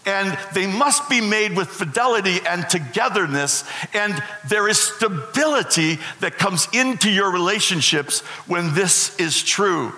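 High-voiced pastor preaching in echoey hall. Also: male voice, pushed and bright. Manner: emphatic, repeats key phrases. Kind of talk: sermon. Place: church sanctuary. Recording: echoey hall with long reverb.

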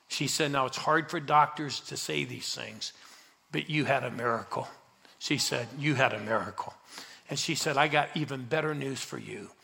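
A man's voice: medium pitch, gravelly. An older man, a pastor, telling a story in a sermon and acting out the dialogue as he urges the congregation on. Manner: animated, acts out the dialogue, urges the crowd.

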